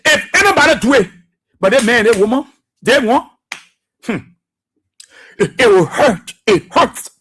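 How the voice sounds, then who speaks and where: A man's voice: very high-pitched, lively intonation, unhurried, pauses often, fairly bright tone, slightly rough. A man giving impassioned political commentary as a radio talk show host, repeating phrases for emphasis.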